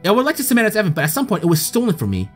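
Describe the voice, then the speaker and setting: A man's voice: sits high, huge pitch swings, racing, heavily acted. A man voicing a sly female reporter defending a case in court, with a smug, theatrical delivery. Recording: faint game music behind.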